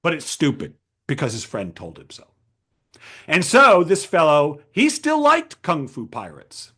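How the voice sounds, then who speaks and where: Animated high-voiced male speaker. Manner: animated, emphatic, rhetorical questions. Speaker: writing coach giving a talk. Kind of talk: lecture to a writers' group.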